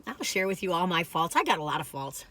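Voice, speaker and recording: Older woman vlogger, bright, rambling storyteller. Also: fairly low pitch, sing-song, quick pace. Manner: chatty and rambling, acts out quoted voices. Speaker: food reviewer vlogger. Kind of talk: casual storytelling chat to camera.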